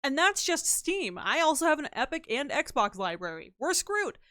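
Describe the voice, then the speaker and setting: A woman's voice: high voice, big pitch swings, moderate pace, bright, forceful tone, dry recording, clean studio sound. A woman streamer chatting casually and playfully with her live chat, teasing and slipping into silly voices.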